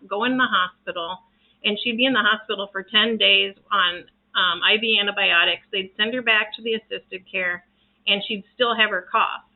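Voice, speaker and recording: Brief: woman, reiki practitioner, casual to-camera chat, earnest and rambling, full of restarts, thin phone-like sound. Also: medium pitch. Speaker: reiki practitioner sharing home remedies.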